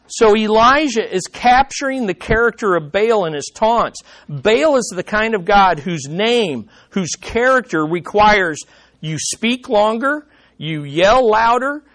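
A man's voice: high-pitched, fairly bright tone, poor audio. A man preaching a sermon, teaching through a Bible passage in an emphatic, conversational way.

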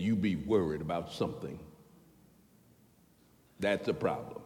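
A man preaching a sermon in a folksy, animated way, swinging between loud bursts and hushed asides. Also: deep voice, measured pace, pauses often. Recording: long hall reverb.

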